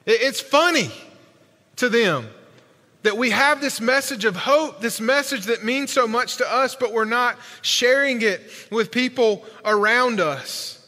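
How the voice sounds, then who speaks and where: A man's voice: very high voice, measured pace, pushed and bright. A male pastor preaching a sermon in a large church, emphatic and colloquial, with many rhetorical questions. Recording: long hall reverb.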